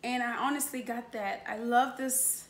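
A woman's voice: on the high side, fairly even intonation, normal speed. A woman in her late twenties unboxing a new camera in a vlog, gushing and exclaiming as she goes, recorded indoors. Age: 20s. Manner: gushing, exclaims often, laughs between remarks. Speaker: YouTuber. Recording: echoey room with faint noise.

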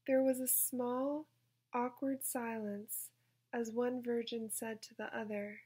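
A woman reading her own absurd short story aloud in a soft, deadpan way. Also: on the high side, slow pace, husky.

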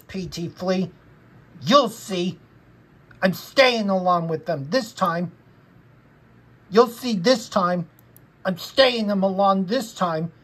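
A woman's voice: medium pitch, slightly rough, pitched above the performer's own voice. A woman voicing a cross cartoon boy who scolds bugs in a fan dub over film clips, bossy and repetitive with little hums between words.

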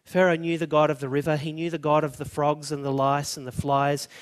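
This middle-aged Australian preacher has a voice on the high side with little pitch movement, and he speaks briskly. Telling stories as he goes, he rises to emphatic declarations.

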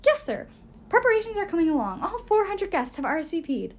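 A woman's voice: extremely high pitch, big pitch swings, brisk, pitched above the performer's own voice. A woman voicing a nervous young female servant who talks in a jittery, eager-to-please way. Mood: flustered.

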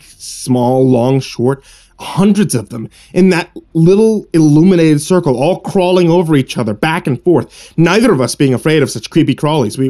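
A man narrating a horror story in a hushed, suspenseful storytelling manner. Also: on the high side. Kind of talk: scripted narration.

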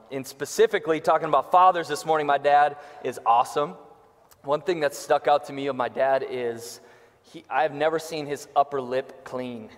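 A young male pastor delivers a casual, joking sermon in a church sanctuary. His voice is slightly hoarse from a recent illness. The sound carries a long church-hall reverb. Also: mid-range voice. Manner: joking, self-deprecating.

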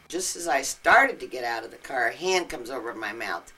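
Blunt, salty older woman with a low voice. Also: lively intonation, moderate pace, music in the background. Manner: blunt, salty, laughs through her stories. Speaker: interviewee recalling her acting career. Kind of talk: candid anecdotal storytelling. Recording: distant mic with faint background noise.

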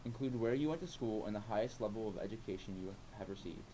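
A man's voice: on the low side, fast, warm tone, a little hiss or hum, poor audio. A teenage boy reading a school career announcement, with a few stumbles and repeated words. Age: teens.

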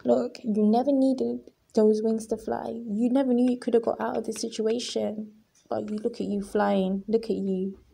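A woman's voice: a little high, flat delivery, moderate pace, creaky, mellow, breathy edge. A woman giving a tarot reading to her viewers, talking in an earnest, emotional way and repeating her points with emphasis. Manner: emphatic and repetitive, often addressing viewers as guys. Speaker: tarot reader.

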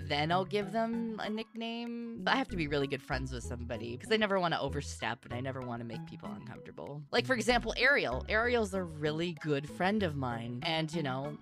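Excitable woman streamer, lively voice. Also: a little fast, hardly any pauses, over music. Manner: excitable, shrieks and shouts, then drops to low asides. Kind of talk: live-stream chat.

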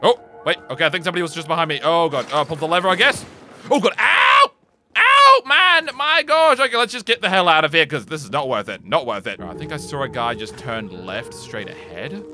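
A man giving excitable, jokey let's play commentary, taunting enemies as he plays, recorded on a desk mic with game music behind him. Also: a little high, quick pace, noisy background. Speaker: gaming YouTuber.

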